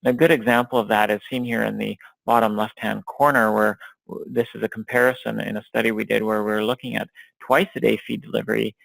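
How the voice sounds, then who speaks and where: Gravelly low-voiced male lecturer, dry mic. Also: fairly bright tone, no room sound, low-quality recording. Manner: measured, many fillers and restarts. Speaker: dairy science researcher and lecturer. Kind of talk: recorded academic lecture over slides.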